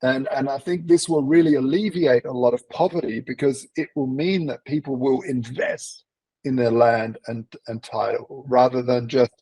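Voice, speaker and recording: Gravelly, husky male host. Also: mid-range voice, steady tone, moderate pace, dark tone, dry recording, low-quality recording. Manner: rambling storyteller with fillers and restarts. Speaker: interview host. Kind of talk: casual interview chat.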